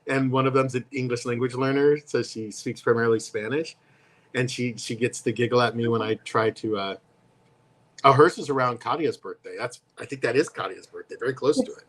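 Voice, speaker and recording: A man's voice: medium pitch, brisk, fairly bright tone. Co-host, male, conversational storyteller who jumps into voiced quotes. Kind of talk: casual chat. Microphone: live stream.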